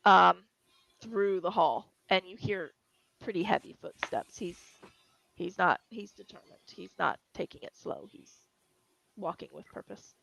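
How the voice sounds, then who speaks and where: A woman's voice: on the low side, measured pace, creaky, fairly bright tone, slight background noise. A woman running a tabletop game as game master, narrating descriptively with fillers and restarts. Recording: dull, lo-fi dry recording.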